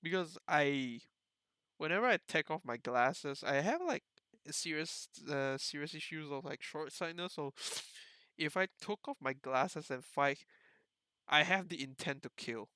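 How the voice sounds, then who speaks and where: Young male podcast host, bright and sharp, dry close sound, loose rambling storyteller. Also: a little high, lively intonation, unhurried, smooth, no room sound. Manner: rambling, many "like" fillers, laughs often. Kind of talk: casual storytelling chat.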